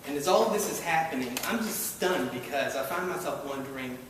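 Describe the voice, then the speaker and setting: A man's voice: fairly high pitch, expressive, a little fast. A man telling a wry, self-deprecating personal story live to an audience that laughs along. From Baltimore. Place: live event hall with audience. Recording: echoey hall, distant mic, noisy.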